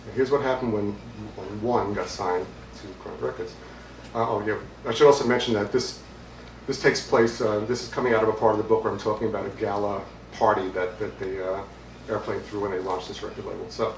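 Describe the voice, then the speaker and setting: A man's voice: on the low side, steady tone, a little fast. A middle-aged male author from Brooklyn reads from his book at a bookstore. He breaks off into hesitant, chatty asides. The sound is roomy and distant, with faint room noise. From Brooklyn, New York. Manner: conversational, hesitant with fillers, amused. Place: bookstore, indoors, with audience. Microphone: distant mic.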